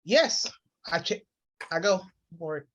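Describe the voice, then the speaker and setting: Tabletop game player, hesitant, slow, lively pitch, dull lo-fi recording.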